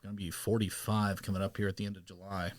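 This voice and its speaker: A man hosting a podcast and chatting casually, animated and quick to slip into playful voices; he narrates audiobooks. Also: low-pitched. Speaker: podcast host. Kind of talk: casual chat.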